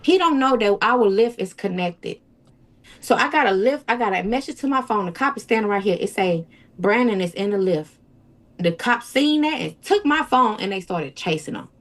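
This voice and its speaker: An animated young woman with a mid-range voice and normal pace tells an interviewer about a personal ordeal. The emotional account spills out repetitively, with false starts and quoted remarks delivered in other people's voices.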